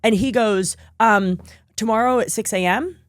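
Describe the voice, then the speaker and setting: A woman's voice: on the high side, moderate pace, dry recording, clean studio sound. A young adult woman, a guest actress, telling stories in a casual podcast chat and acting out the people she quotes. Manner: animated, acts out quoted dialogue.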